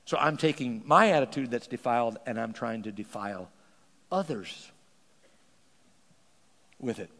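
Gravelly-voiced preaching pastor in a hall. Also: male voice, mid-range voice, a little slow, pauses often. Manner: animated preaching, repeats words when starting sentences. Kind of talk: sermon. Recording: long hall reverb.

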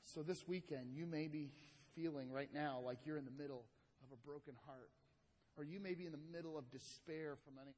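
A man preaching a sermon as pastor, swinging from loud emphatic lines to hushed, slow ones. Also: on the high side. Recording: long hall reverb.

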